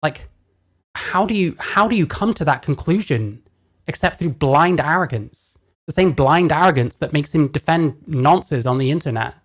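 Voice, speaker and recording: A woman's voice: deep voice, lively intonation, normal speed. A woman reacting to a video, blunt and sarcastic, often swearing. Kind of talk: casual reaction commentary.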